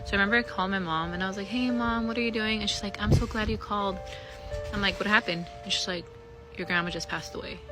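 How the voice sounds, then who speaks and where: A woman's voice: medium pitch, fairly even intonation, fast talker, music in the background, poor audio. A young woman telling a story in a candid, chatty way, swearing freely and filling her speech with "like" and "you know.". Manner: candid and profane, with many fillers. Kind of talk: casual storytime vlog.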